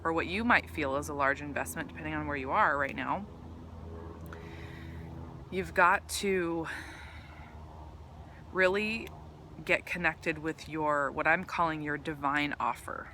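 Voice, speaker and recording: Lady coach rambling to her cam, bright voice, lots of ums, real earnest. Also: low-pitched, slow pace, long pauses, slight background noise. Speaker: business coach for women entrepreneurs. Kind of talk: casual talk to camera. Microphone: camera mic.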